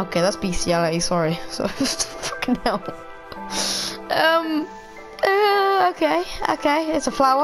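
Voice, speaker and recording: A woman's voice: sits high, animated, a little slow, over music. A young woman giving rambling, giggly let's-play commentary, cracking crude jokes and talking to herself. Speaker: gameplay commentator.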